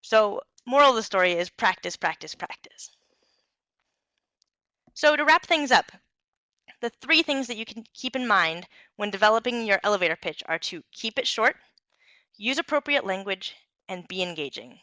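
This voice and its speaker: A young woman giving an instructional talk on communication skills, clear and encouraging, with occasional fillers. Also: mid-range voice, animated, normal speed, long pauses, pushed and bright, no echo.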